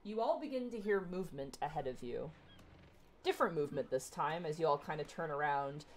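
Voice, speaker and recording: A woman's voice: sits low, a little hiss or hum. A woman narrating as game master of a tabletop game, chatty and laughing between lines.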